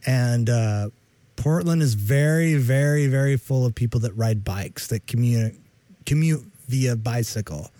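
Joking man with a dark, dry voice. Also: mid-range voice, a little slow, no echo. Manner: jokey, rambling, breaks into humming and mock-singing. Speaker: podcast co-host. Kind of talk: casual chat.

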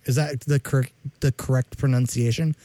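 A man's voice: mid-range voice, fairly even intonation, normal speed, dark tone, no echo. A man co-hosting a podcast in casual chat, joking and rambling, sometimes humming and mock-singing. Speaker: podcast co-host.

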